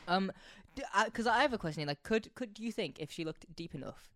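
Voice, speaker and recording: A man's voice: high-pitched, lively intonation, a little fast, bright, forceful tone, no room sound, studio quality. A man co-hosting a podcast in casual chat, joking and teasing his co-host.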